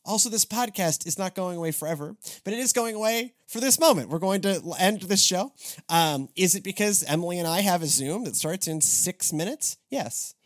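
A man hosting a church podcast in casual chat, rambling with restarts and animated asides. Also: high voice, fairly quick. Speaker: podcast host.

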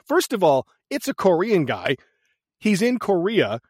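A man with a slightly raised pitch tells a movie's story in loose, profane podcast chat. He is animated and laughs often, and the close, dry sound keeps his voice right up front. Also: measured pace, slightly rough, dry recording. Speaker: podcast co-host. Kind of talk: casual movie recap chat.

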